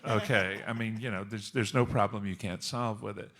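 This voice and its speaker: Man, low pitch, wry, measured, panel talk. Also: fairly even intonation, a bit bright. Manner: wry, measured, joking asides. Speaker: panelist author.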